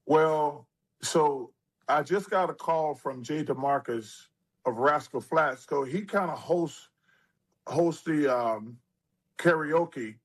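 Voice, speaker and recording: An older man in his sixties telling stories as a guest in an interview. His voice sits slightly higher than most men's. He tells them with animated delivery and acts out other people's lines. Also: takes it slowly, breathy edge, rough recording. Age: 60s. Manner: animated storyteller who acts out quotes. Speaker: interview guest, former basketball player. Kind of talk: storytelling interview.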